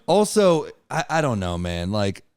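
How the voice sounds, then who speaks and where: Sarcastic comedian riffing. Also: male voice, fairly low pitch, sing-song, measured pace, a little mellow, clean tone, no room sound, studio quality. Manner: riffing, sarcastic, swears a lot. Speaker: comedian guest. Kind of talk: casual comedy chat.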